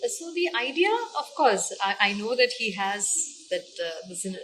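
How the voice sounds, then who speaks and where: A woman's voice: medium pitch, sing-song, moderate pace, a bit bright, slight background noise, poor audio. A woman actress speaking in an interview, eager and chatty, often correcting herself mid-sentence. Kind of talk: casual interview talk.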